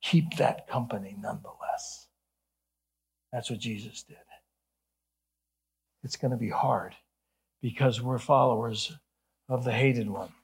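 A man's voice: mid-range voice, unhurried, gravelly, long pauses, a little hiss or hum. A middle-aged man from Ohio, a pastor preaching an earnest sermon with humorous asides. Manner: earnest, then playfully animated with jokes.

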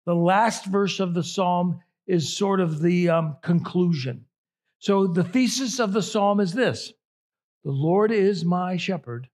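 A man's voice: high-pitched, unhurried, darkish tone. A man preaching a sermon as a pastor, conversational and emphatic, drawing out key phrases.

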